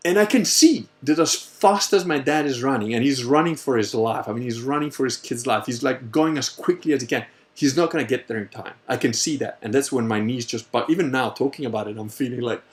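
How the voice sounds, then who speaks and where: A man hosting a casual Q&A livestream, telling a story in a rambling, animated way and swearing freely. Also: medium pitch, normal speed. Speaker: host answering viewer questions.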